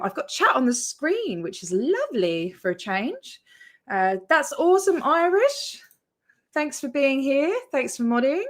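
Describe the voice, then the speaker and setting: A woman's voice: medium pitch, fairly bright tone. An Australian woman hosting her own livestream, chatting casually and rambling as she greets her viewers by name. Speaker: YouTube channel host.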